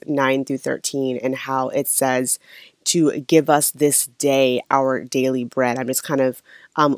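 A speaker from Minnesota teaching scripture in a warm, conversational, unscripted way. The voice sits at a mid pitch and is recorded dry and close, with no room sound. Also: no room sound. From Saint Paul, Minnesota. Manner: earnest, conversational, with frequent fillers and restarts. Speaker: devotional teacher.

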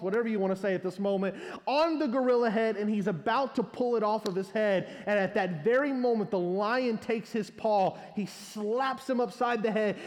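A man's voice: sits high, big-room sound. A male pastor preaching a sermon, telling a long humorous story as an illustration.

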